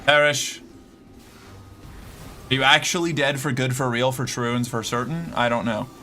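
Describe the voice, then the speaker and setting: A man's voice: medium pitch, normal speed, bright, forceful tone, slight background noise. A young man from Massachusetts with a faint Boston accent, giving exasperated, profane let's-play commentary as he streams a game. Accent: slight Boston.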